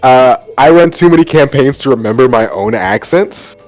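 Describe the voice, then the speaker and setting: A man's voice: mid-range voice, lively intonation, a little mellow, no echo, faint music behind. A man running a tabletop game, chatting wryly with his players after the session while his throat is strained. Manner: wry, teasing, quick asides. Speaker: game master.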